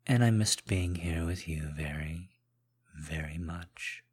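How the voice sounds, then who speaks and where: A man in a whispered role-play, speaking softly and teasingly to the listener as a partner back from a trip. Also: low-pitched, takes it slowly, breathy edge. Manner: soft-spoken, teasing and affectionate.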